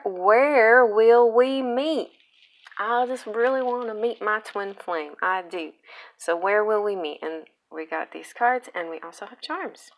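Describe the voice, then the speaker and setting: A woman doing a casual pick-a-card tarot reading, chatty and playful, laughing often. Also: on the low side. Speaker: tarot reader.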